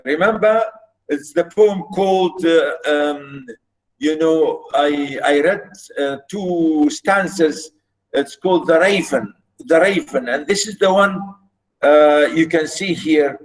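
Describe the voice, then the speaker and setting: A male university lecturer teaching poetry meter online, halting and repeating himself as he counts out syllable stresses. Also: on the high side, low-quality recording.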